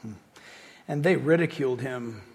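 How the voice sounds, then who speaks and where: A pastor preaching a sermon in a church, animated and joking as he acts out scripture scenes. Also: medium pitch, moderate pace, in a large hall.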